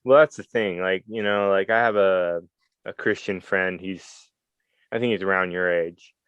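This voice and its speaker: A man's voice: low-pitched, fairly even intonation, moderate pace, smooth, no echo, lo-fi sound. A man hosting a podcast in casual conversation, laid-back and mostly offering brief agreements.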